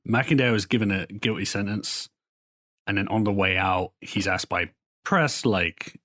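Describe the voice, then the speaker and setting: A man with a very low-pitched voice co-hosts a casual podcast. He rambles through comic book plots in a loose, profane, chatty way. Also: a bit bright. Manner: rambling, profane storytelling with quick put-on quotes. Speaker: podcast co-host. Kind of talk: casual chat recapping comics.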